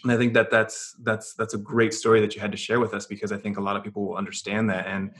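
A man's voice: fairly low pitch, little pitch movement, fast talker, a bit bright. A man co-hosting a podcast in casual chat, earnest and motivational, often restarting his sentences. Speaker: podcast co-host.

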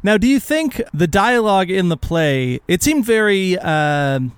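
A man's voice: high voice, expressive, a little slow, clean tone, no echo. A man co-hosting a podcast in casual chat, leading the discussion with questions and plenty of fillers. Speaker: podcast co-host.

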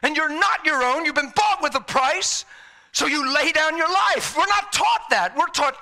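A man preaching a sermon with passion, swinging between shouts and hushed, quiet lines. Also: extremely high pitch, moderate pace.

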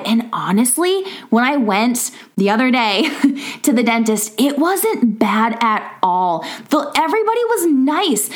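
A woman in her thirties hosting a podcast, giving a casual pep talk from home, chatty and laughing often with lots of filler words. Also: a little high. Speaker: podcast host. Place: home in a rural area.

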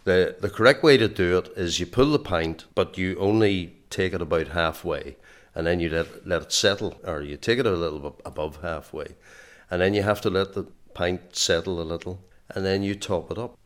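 An Irish man in his sixties speaks as a guest on a podcast, with a dry, joking manner. His voice is very deep and low. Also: moderate pace. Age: 60s. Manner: dry, joking, laughs often. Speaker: guest, former caddie. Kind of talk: casual interview.

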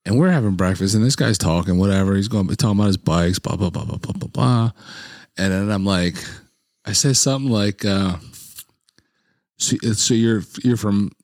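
A man's voice: fairly low pitch, moderate pace, a little mellow, dry recording, studio quality. A man hosting a podcast in casual chat, teasing his guest and asking lots of questions. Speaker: podcast host.

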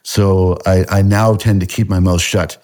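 A man with a Canadian accent touched by a slight Scottish tinge, chatting casually as a podcast guest, pausing on fillers and restarting his sentences. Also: low voice, little pitch movement, darkish tone. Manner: halting, many fillers and restarts, laughs often. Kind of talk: casual interview chat.

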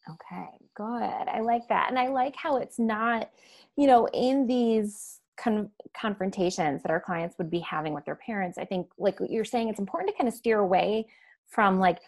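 A woman with a mid-range voice hosts the conversation. She mostly offers short affirmations, then reflects back and sums up in an even, measured way. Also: medium pitch. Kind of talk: professional conversation.

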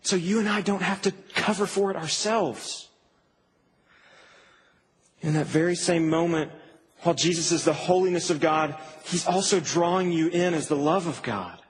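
A man preaching a sermon to a campus ministry, earnest and emphatic, dropping soft and then rising to stress. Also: a little high, normal speed, poor audio.

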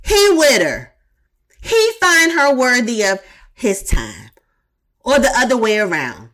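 A woman's voice: on the high side, wildly swooping pitch, slow, pauses often, fairly bright tone. A woman podcast host giving casual advice in a blunt, profane, emphatic way, repeating her points for emphasis.

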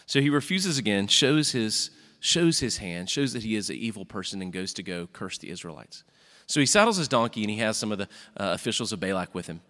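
A man preaches in a church, telling a Bible story with animated asides and quick character voices. His voice is bright and forceful. The sound carries a long reverb from the sanctuary. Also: lowish voice. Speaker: pastor. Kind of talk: sermon retelling a Bible story.

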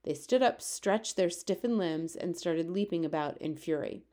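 A woman reading a children's book aloud with steady, expressive storytelling. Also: on the low side, moderate pace. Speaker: reader.

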